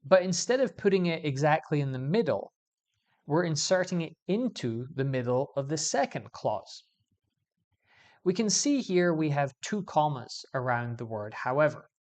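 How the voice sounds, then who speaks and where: A man teaching English grammar in a video lesson, explaining clearly and stressing key words as he goes. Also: fairly high pitch, animated, moderate pace, a little mellow.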